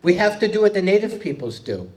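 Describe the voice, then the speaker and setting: Man doing live stand-up, playful punning delivery, slightly high voice. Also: very animated, a little fast, a little mellow, slight background noise, low-quality recording. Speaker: comedian. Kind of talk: live stand-up comedy set. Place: event hall with a live audience.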